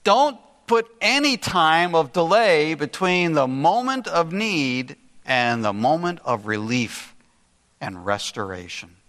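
An older man delivers a sermon at an unhurried, deliberate pace, leaning on words for earnest emphasis. His voice sits a bit high and sounds bright and forceful. A long reverb trails behind him, as in a large hall. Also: sing-song. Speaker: pastor.

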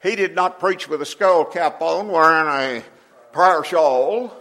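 An older man preaching a sermon in a folksy way, often clearing his throat between phrases. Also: on the high side, slow, bright, forceful tone. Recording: long hall reverb.

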